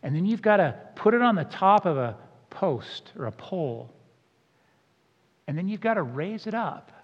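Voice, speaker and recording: A man preaches a sermon as a pastor, conversational and emphatic, tossing casual asides to the congregation. His high voice has a sing-song quality and a moderate pace, and the sound is dull with long hall reverb.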